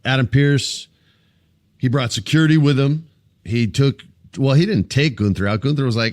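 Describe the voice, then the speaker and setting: A man hosting a wrestling podcast, recapping shows in casual, profane, animated talk. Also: mid-range voice, moderate pace.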